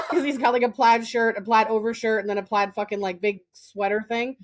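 Animated woman in her late twenties. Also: a little high, normal speed, background noise. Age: late 20s. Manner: swears freely, acts out quoted dialogue in storytelling. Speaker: podcast co-host. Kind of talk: casual chat.

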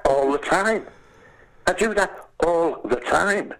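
A man with a Liverpool accent, an actor chatting and telling lively stories, acting out other voices and calling people "lad". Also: a little high, slow, poor audio. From England. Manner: animated storyteller, acts out voices, says "lad". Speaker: actor and guest. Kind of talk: casual chat, storytelling.

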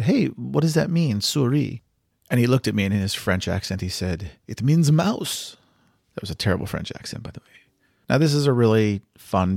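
Gravelly, earnest male podcast host. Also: on the low side, no echo, clean studio sound. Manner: earnest, reflective, encouraging. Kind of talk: storytelling monologue.

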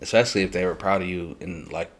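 A man's voice: sits low, quick pace, a bit bright, a little hiss or hum. A young man co-hosting a podcast, talking bluntly and arguing in casual chat. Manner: blunt, profane, argumentative. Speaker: podcast co-host.

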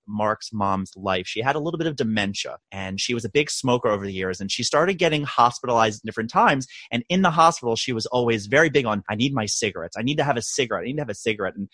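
A man hosting a podcast in casual chat, telling stories with animated voices for the people he quotes. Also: medium pitch, no echo. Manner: animated storytelling, quoting others in raised voices. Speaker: podcast host.

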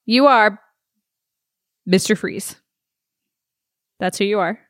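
A woman co-hosting a podcast, briskly laying out the rules of a game with a bossy edge. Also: medium pitch, no echo. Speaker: podcast co-host running a game. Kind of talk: casual podcast banter.

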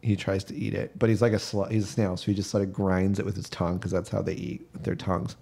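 A young man narrating as game master of a tabletop game, relaxed and rambling. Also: low voice, fast, gravelly.

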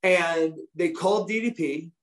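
A man's voice: a little high, measured pace. A man, a former wrestler, telling stories from his career in a casual chat, swearing freely and acting out what others said.

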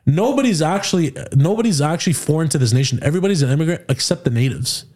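Host, young Canadian man, rapid slangy storyteller, mellow tone. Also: on the high side. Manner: animated, slangy, tells stories with quoted dialogue. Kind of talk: casual storytelling chat.

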